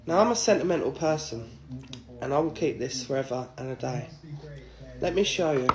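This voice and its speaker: A chatty man talks to his followers in an easy, joking way, his voice at a middling pitch. Now and then he turns sentimental. Birds chirp in the background. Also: lively intonation, normal speed, long pauses, darkish tone. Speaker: TikTok vlogger. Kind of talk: casual chat to camera.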